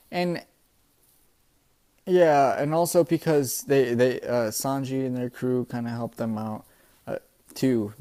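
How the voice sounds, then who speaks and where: A man's voice: mid-range voice, a little mellow. A man hosting his own casual review show, talking loosely and rambling through his thoughts. He swears freely, peppers his talk with "bro" and "dude", and often restarts mid-sentence. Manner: profane, laid-back, says "bro" and "dude" a lot; rambling, many restarts and fillers. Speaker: manga reviewer, channel host.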